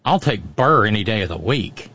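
A man's voice: fairly low pitch, expressive, normal speed, sharp tone, slightly rough, highs cut off. A man giving wry, storytelling commentary as a regular on a radio talk show, often restarting his sentences.

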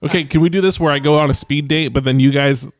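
A man's voice: on the high side, fairly even intonation, quick pace, dry recording. Man, podcast co-host, profane rambling talk, dry close sound. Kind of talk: casual chat.

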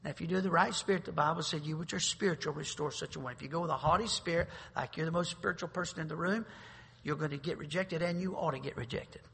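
A man pastor preaching a sermon, swinging between loud bursts and quiet asides. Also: on the high side, quick pace, gravelly, a little hiss or hum. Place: church sanctuary. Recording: long reverb of a large hall.

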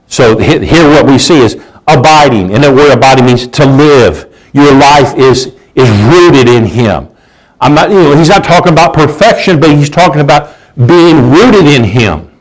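A man's voice: on the high side, rough recording. Conversational man preaching a sermon. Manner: conversational, repeats words while searching, asks rhetorical questions.

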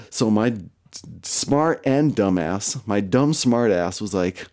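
A man's voice: lowish voice, animated, a little slow, darkish tone. A man casually telling a personal story, rambling and profane, with lots of fillers and self-mocking asides.

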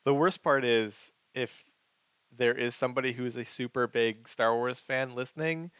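A man's voice: medium pitch, steady tone, normal speed, fairly bright tone, clean tone, dry recording. A man co-hosting a casual movie podcast, easygoing and thinking aloud. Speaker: podcast co-host.

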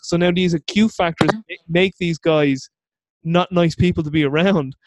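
A man hosting a podcast interview, talking in a rambling, animated way. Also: a little high, moderate pace, no echo. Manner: rambling, animated, full of acted-out inner voices. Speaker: podcast host. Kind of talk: casual interview chat.

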